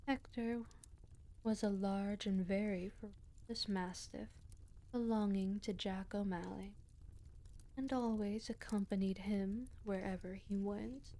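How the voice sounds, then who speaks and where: A woman reading folk tales aloud as a storyteller, in a slow, hushed voice that often drops to a half-whisper. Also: medium pitch, steady tone.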